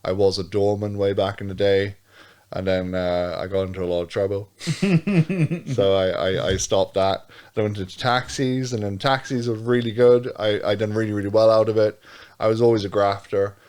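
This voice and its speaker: A man's voice: fairly low pitch, normal speed, darkish tone. Sweary, rambling man chatting as a guest. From Australia. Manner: rambling, sweary, laughs a lot, restarts often. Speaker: podcast guest, car dealer. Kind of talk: casual chat.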